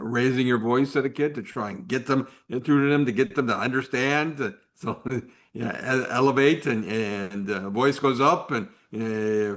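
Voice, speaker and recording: A man hosting a live faith-based talk, speaking in an unpolished way with many restarts and fillers, sometimes dropping to a whisper. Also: medium pitch. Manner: drops to a whisper at times. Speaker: host.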